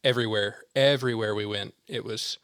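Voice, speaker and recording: Low-voiced man from Alabama, dry sound. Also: steady tone, fairly quick, a bit bright, dry recording. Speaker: podcast co-host, teacher. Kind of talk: casual chat.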